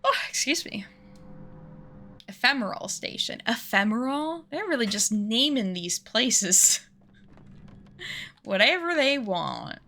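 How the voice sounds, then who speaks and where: Woman streaming at home, casual gaming chat, bright tone, gravelly fry, self-mocking, faint hiss behind. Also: a little high, big pitch swings, takes it slowly. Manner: chatty and self-mocking, laughs often.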